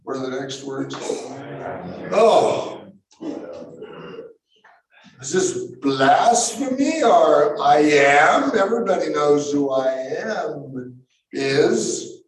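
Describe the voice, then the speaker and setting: Slow emphatic preacher in an echoey hall. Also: male voice, fairly high pitch, expressive. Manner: emphatic, rising to sudden shouts, musing asides. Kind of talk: sermon. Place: large room with a live audience. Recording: echoey hall, mic far off.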